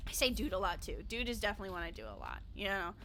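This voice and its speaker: A woman's voice: medium pitch, big pitch swings, rapid-fire, vocal fry, a bit bright, slight background noise. A young adult woman streaming a game, chatting casually in a bubbly way, laughing often and swearing offhandedly. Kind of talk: casual live-stream chat while playing.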